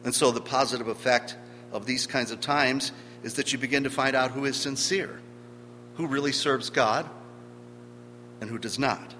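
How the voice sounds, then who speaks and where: A man's voice: mid-range voice, normal speed, pauses often, pushed and bright. A man preaching a sermon, emphatic, stressing key words by swelling in volume. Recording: long hall reverb with faint hum.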